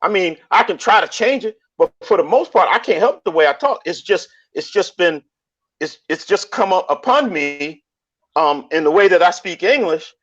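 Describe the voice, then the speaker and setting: A man talking in a casual online debate, animated, often repeating and restarting his phrases. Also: high-pitched, moderate pace. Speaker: panelist in online discussion. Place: lives in Colombia. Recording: dull lo-fi stream audio.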